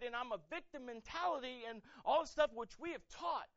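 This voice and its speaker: Male pastor, high-pitched, dry and slightly dull sound, lively sermon delivery. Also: a little fast, dry recording. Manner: animated, acts out quoted voices, rises to loud emphatic peaks.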